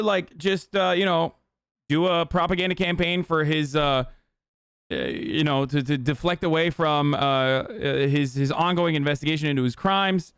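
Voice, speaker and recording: A man on a live stream tears into an interview clip in blunt, heated, profane talk. His voice sits high and smooth. The sound is dry and close. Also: fairly even intonation, moderate pace, a bit bright, no room sound. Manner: blunt, heated, many fillers. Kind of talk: casual profane commentary.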